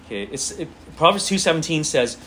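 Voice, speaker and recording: A man's voice: a little high, lively intonation, a little fast, fairly bright tone. A man leads a church Bible class, reading scripture aloud and explaining it in a loose, conversational way. He repeats phrases, restarts sentences and keeps checking in with his listeners. Faint background noise sits under his voice.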